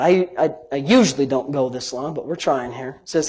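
A middle-aged man preaching a sermon as pastor, animated, moving between quiet asides and emphatic rising lines. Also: fairly high pitch, a little fast, slightly rough, rough recording.

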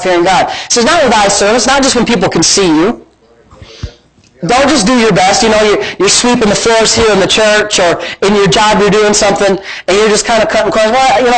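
Man, pastor, sermon, emphatic conversational preaching, repetitive, high-pitched. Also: poor audio.

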